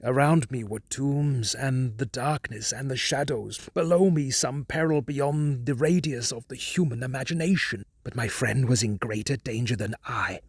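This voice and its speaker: A man narrating a horror audiobook in a measured, hushed, dramatic way. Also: medium pitch, vocal fry, slightly rough, no room sound, studio quality.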